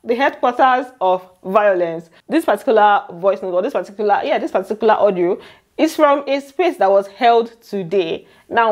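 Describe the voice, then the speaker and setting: Nigerian woman vlogger, casual chatty delivery in a middle voice, pauses to find words. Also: medium pitch. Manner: chatty, relaxed, searches for words. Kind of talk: casual chat.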